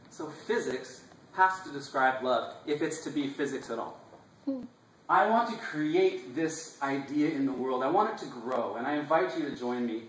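A man giving an impassioned, inspirational live talk, emphatic with drawn-out phrasing, recorded from a distance in a live salon room. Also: medium pitch, animated, roomy sound, slight background noise. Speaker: speaker presenting his class.

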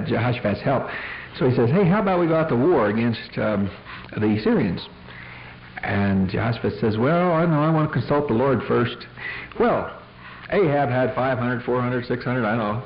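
A man's voice: medium pitch, slight background noise. A man giving an informal teaching talk on apologetics, telling Bible stories in a folksy way with acted-out voices. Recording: dull 1980s tape recording.

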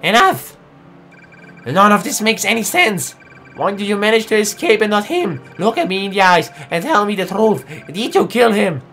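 A man's voice: sits high, very animated, normal speed, sharp tone, faint music behind, voice pushed up, heavily acted. Man voicing Luigi, frantic and accusing. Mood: furious. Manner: accusing, agitated, raised voice. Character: frantic grieving man, suspicious and angry. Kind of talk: reading game dialogue aloud.

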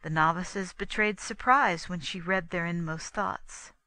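A woman narrating an audiobook in a measured, even reading. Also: on the low side, no room sound, rough recording. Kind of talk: scripted narration.

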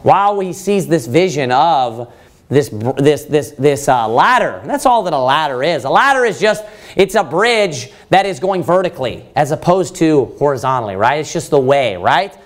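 Male preacher, slightly high voice, lively pitch, Bible study sermon, rhetorical questions. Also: normal speed. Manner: animated, quotes scripture, asks the room questions.

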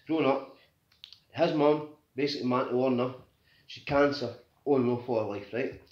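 A Scottish man in his thirties telling a painful personal story, raw and grieving, swearing often and tagging "right?" onto nearly every sentence. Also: medium pitch. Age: 30s. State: grieving and agitated. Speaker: vlogger. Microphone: phone. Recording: echoey room, dull lo-fi phone audio.

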